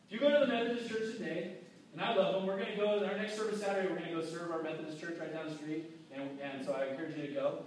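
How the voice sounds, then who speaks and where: High-voiced pastor in an echoey hall. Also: male voice, very fast, a little hiss or hum. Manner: casual, animated preaching with quoted voices and restarts. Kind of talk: sermon. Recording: very echoey hall, mic far off.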